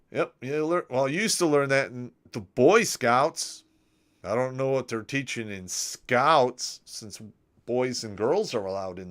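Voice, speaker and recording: A man's voice: mid-range voice, smooth. A middle-aged man hosting a livestream, telling crude, joking army stories in a casual way and reading out viewer comments, his voice often trailing off at the end of a phrase. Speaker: livestream host.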